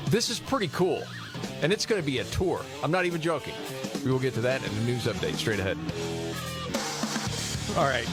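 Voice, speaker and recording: A man's voice: mid-range voice, huge pitch swings, normal speed, long pauses, music in the background. A man co-hosting a casual news talk podcast, teasing his co-hosts and steering the chat with questions. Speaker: podcast co-host leading the segment.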